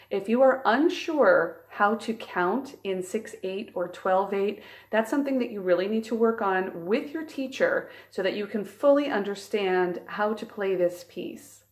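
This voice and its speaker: A woman flute teacher giving a calm, clear and encouraging instructional tutorial. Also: medium pitch.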